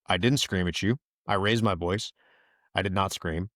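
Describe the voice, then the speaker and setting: A man with a low voice tells his story casually and animatedly, and his voice rises when he acts out what others said. The recording is dry and close, with no room echo. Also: moderate pace. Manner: animated retelling, quotes others in raised voice. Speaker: podcast host, veteran.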